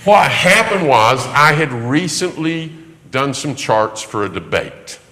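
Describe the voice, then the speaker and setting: A man preaching, telling a personal story with lively acted-out voices and occasional laughter. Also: medium pitch, slow. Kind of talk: sermon storytelling. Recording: long hall reverb.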